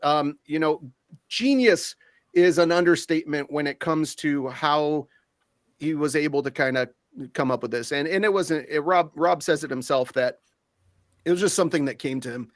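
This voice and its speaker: A man co-hosting a livestream over a video call, talking in a relaxed, supportive way with many fillers. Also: fairly high pitch, normal speed, no echo, clean studio sound. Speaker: co-host.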